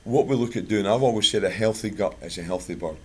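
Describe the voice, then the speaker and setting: A man's voice: fairly low pitch, quick pace, a little hiss or hum. A Scottish man from Scotland giving a chatty, plain-spoken talk to a bird club, mixing product advice with anecdotes. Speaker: guest speaker at a bird club.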